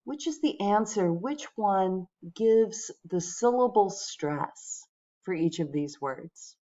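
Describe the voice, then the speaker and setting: A woman teaching English pronunciation, speaking patiently and clearly to her viewers. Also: medium pitch, animated, slow pace, warm tone, lo-fi sound. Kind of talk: pronunciation lesson.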